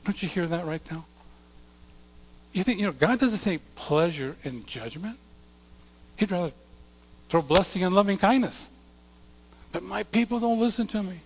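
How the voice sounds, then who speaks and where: A man preaching a sermon as a pastor, reading scripture aloud and swinging between loud declarations and hushed asides. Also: sits high, animated, moderate pace, long pauses. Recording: long hall reverb.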